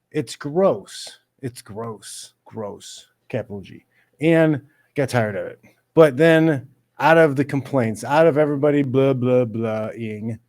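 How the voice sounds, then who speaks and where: A man hosting his own show in a casual, ranting commentary. He talks bluntly and with open exasperation, at a middle pitch. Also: a little mellow. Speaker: show host.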